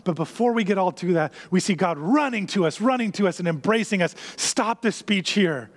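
A man preaching a sermon as a pastor, emphatic and repetitive, sometimes sinking to a hushed near-whisper. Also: sits high, lively intonation, quick pace. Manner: emphatic, repeats key phrases, drops to a hushed near-whisper.

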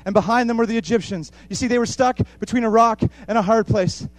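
A man preaching a sermon with passion, repeating phrases for emphasis and swinging between hushed and loud. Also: extremely high pitch, quick pace, no echo.

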